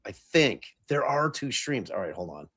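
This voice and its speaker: A man's voice: mid-range voice, very animated, normal speed, a bit bright, husky, no room sound, clean studio sound. A middle-aged man hosting a live podcast stream, chatting casually, swearing freely and joking about his own lack of tech skill. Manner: self-mocking, swears freely, fumbles with tech. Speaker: podcast host.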